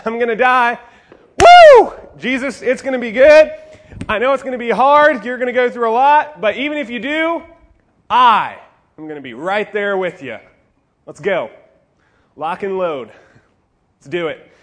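A man voicing an eager, brash male disciple who is shouting and pumped up. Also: very high voice, very animated, unhurried, long pauses, pitched above the performer's own voice, heavily acted. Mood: excited.

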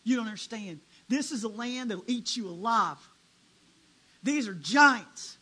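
A preacher voicing a group of panicked, defeated spies who plead, then grow loud. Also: mid-range voice, normal speed, breathy edge.

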